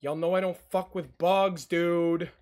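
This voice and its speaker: A man's voice: sits high, fairly even intonation, unhurried, a little mellow. A young man streaming from his computer at home, giving jumpy reaction commentary, easily startled and given to yelps and shrieks.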